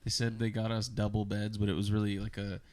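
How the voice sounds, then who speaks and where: A man's voice: on the low side, completely flat delivery, fast, a little mellow. Young man telling loose, swearing stories. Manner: loose storytelling, swearing, acting out quotes. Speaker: podcast co-host. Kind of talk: casual chat.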